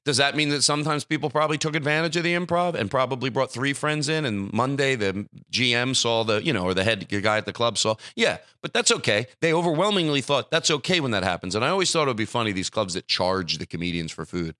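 Animated ranting man, bright tense voice. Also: medium pitch, quick pace, few pauses, no room sound, clean studio sound. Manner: animated, ranting, swings between loud bursts and muttered asides. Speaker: podcast host. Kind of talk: casual podcast chat.

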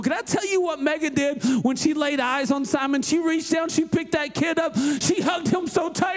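A man, preaching a sermon through a personal story, dropping to quiet asides and rising to shouted emphasis. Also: extremely high pitch, normal speed, few pauses, faint music behind. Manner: animated, swings from hushed asides to shouted emphasis. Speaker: pastor.

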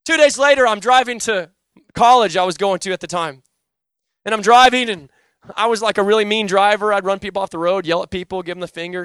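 Intense high-voiced preacher man. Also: a little fast, clear, resonant tone, dry recording, clean studio sound. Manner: swings from loud urgent pleading to quiet low intensity. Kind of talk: sermon with personal testimony.

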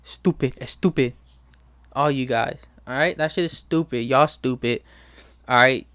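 A man's voice: medium pitch, moderate pace, sharp tone, clean tone, dry recording. A young man hosting his own show, talking casually in a slangy, profane, ranting way. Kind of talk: casual monologue.

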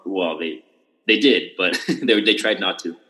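A man's voice: low voice, measured pace, sharp tone, poor audio. A young man hosting a podcast, telling a long story in casual chat with lots of restarts and fillers. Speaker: podcast host.

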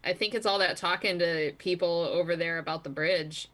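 A woman's voice: lowish voice, fairly even intonation, moderate pace, a bit bright. A woman co-hosting a podcast, chatting casually and reading out news stories with a wry, amused manner. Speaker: podcast co-host.

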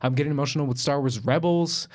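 A man's voice: on the high side, quick pace, a little mellow. Playful young man bantering. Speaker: podcast co-host. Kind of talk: casual chat.

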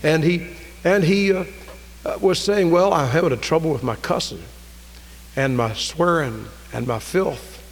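A fervent preacher, his voice sitting a little high as he rises to ringing cries and drops to hushed storytelling. He is recorded in a church with a long hall reverb. A faint hum runs beneath. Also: unhurried. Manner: fervent, swings from loud raised cries to low quiet storytelling. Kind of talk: sermon.

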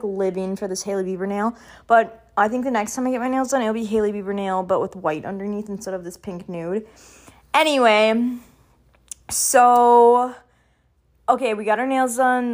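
A young woman chatting casually in a vlog, rambling with lots of fillers and restarts, laughing often as she talks while packing at home. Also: medium pitch. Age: young adult. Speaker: vlogger. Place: indoors at home, packing and moving around.

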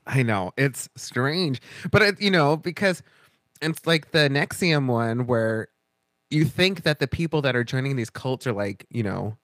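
Animated man in casual chat. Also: mid-range voice, measured pace, no echo, clean studio sound. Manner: animated storyteller, acts out quoted voices. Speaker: podcast co-host.

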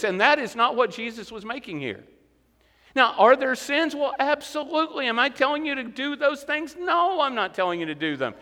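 A high, bright-voiced man preaching in a church sanctuary. He speaks earnestly and rises to emphatic peaks. His voice rings out with a long hall reverb. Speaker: pastor. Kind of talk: sermon.

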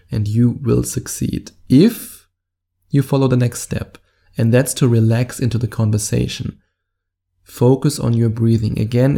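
A man speaking English with a German accent, coaching his viewers on how to talk to women. His voice is dark and mellow with a gravelly edge. He sounds upbeat and salesy and drops playful asides. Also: medium pitch. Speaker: dating coach. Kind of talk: direct-to-camera coaching talk.

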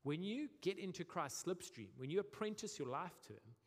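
South african guy preaching, kinda high voice, lively and jokey, long echo from the hall. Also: normal speed. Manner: lively, humorous, acts out quoted voices. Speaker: pastor. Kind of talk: sermon. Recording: long reverb of a church hall.

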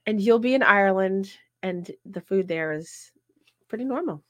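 A woman hosting a casual talk show, chatting and telling travel stories in an animated way. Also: medium pitch, normal speed, no echo. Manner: chatty, animated storytelling with frequent laughs. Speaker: podcast host. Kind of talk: casual chat.

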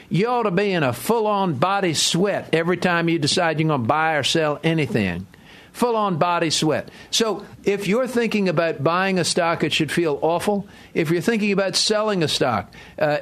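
A man's voice: fairly high pitch, a bit bright. A man hosting a financial talk show in a studio, chatty and rambling with self-deprecating asides. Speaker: podcast host, financial adviser. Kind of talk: casual radio-style talk.

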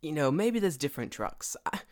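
His voice runs high, and he talks briskly and with lots of animation. In a casual conversation he's the one telling the story, cursing frequently, laughing, and voicing both people on a phone call. Japan is where he lives and works.

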